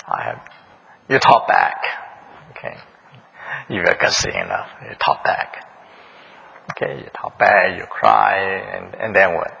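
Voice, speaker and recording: A man's voice: low voice, wildly swooping pitch, a little slow, creaky, long pauses, sharp tone, husky, poor audio. A man preaching a sermon in a church, questioning the congregation, repeating their answers and chuckling often. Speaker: pastor. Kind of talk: interactive sermon.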